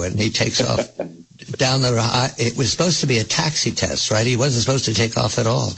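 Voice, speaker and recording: A man's voice: mid-range voice, normal speed, vocal fry, fairly bright tone, husky, low-quality recording. A man hosting a radio interview, asking leading questions in a conversational way. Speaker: radio host.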